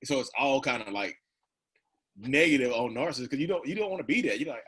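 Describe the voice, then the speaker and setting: A man in his thirties tells his story loosely, stringing thoughts together with plenty of "like" and "you know." His voice has a husky, slightly rough edge at a middle pitch, and he laughs easily as he talks. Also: lively intonation, fast talker, fairly bright tone. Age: 30s. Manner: rambling, full of "like" and "you know", laughs often. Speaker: guest. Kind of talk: casual conversational storytelling.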